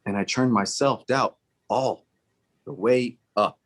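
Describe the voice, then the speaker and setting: A man's voice: mid-range voice, slow pace, a bit bright. A man giving a dramatic storytelling speech at a speaking club, theatrical and acting out the people in his story. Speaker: Toastmasters speaker.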